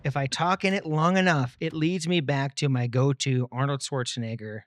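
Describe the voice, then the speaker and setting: A man's voice: mid-range voice, fairly even intonation, moderate pace, dry recording, studio quality. A man being interviewed as a guest on a podcast, talking in an upbeat, enthusiastic and slangy way. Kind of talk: casual chat.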